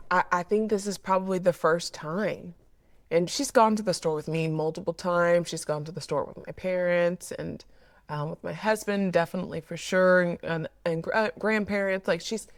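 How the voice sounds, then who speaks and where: A woman's voice: lowish voice, dry recording, studio quality. A woman therapist sharing a personal parenting story in a candid, reflective way, often repeating words as she thinks. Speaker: mental health therapist.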